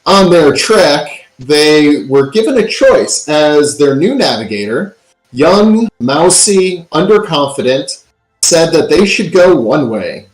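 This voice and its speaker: A man running a tabletop game as game master, narrating the story and recapping with dramatic emphasis and the odd um. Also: a little high. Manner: dramatic recaps with filler ums. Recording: roomy echo.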